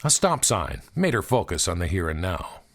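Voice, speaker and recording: A man narrating an audiobook in a measured, expressive storytelling manner. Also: deep voice.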